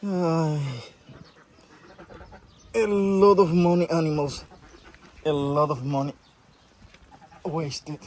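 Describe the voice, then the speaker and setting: High-voiced man cooing to his animals. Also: fairly even intonation, a little mellow, a little hiss or hum. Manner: cooing baby talk with high squeals to pets; slow, musing commentary between calls. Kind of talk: casual chat to animals and camera.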